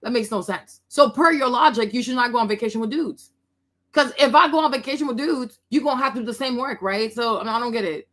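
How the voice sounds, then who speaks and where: Blunt, high-voiced woman mocking videos. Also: quick pace, a bit bright. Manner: blunt, mocking, laughs often. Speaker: commentator reacting to online videos. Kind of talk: casual reaction commentary.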